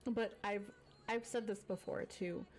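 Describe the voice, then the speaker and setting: Halting, soft-spoken woman streamer. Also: mid-range voice, fairly even intonation, faint music behind. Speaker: streamer host. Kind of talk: emotional casual talk on a livestream.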